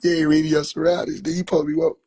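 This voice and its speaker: A man's voice: a little high, very fast, slight background noise. A young man telling a rambling, profane story on a phone live stream, acting out the other voices. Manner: animated, acts out quoted voices, slangy, profane. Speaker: livestreamer. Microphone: phone mic.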